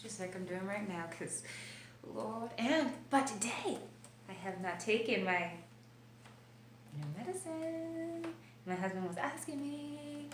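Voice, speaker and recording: A woman vlogging about her illness in her kitchen, telling her story with animated gestures and sometimes dropping to a quiet whisper. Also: medium pitch, normal speed. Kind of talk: personal video diary. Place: kitchen of an old house. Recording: roomy, distant mic with faint noise.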